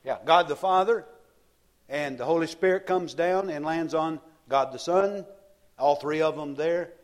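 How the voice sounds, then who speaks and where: A man's voice: a little high, measured pace. A man preaching a sermon, telling the story with frequent repeated words and restarts.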